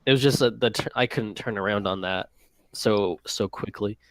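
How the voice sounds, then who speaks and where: A man co-hosting a gaming podcast, talking hesitantly with many pauses and fillers. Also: on the low side, dry recording, poor audio. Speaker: podcast co-host. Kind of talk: casual chat.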